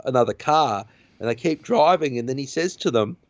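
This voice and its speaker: An animated, fairly quick podcast host with a medium-pitched voice retells a movie's plot in a casual, rambling chat. He's full of fillers and restarts, and the audio is dull, dry, and lo-fi.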